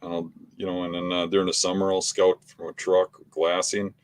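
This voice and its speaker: A middle-aged man with a low, deep voice talks through his habits in an unhurried, matter-of-fact way. His delivery is plain and conversational. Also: monotone. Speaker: podcast co-host, hunting guest. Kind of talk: casual conversation.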